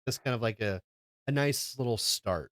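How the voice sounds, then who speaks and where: A man co-hosts a podcast in easygoing, laid-back conversation, his medium-pitched, fairly bright voice moving at a moderate pace. The recording is dry and studio quality.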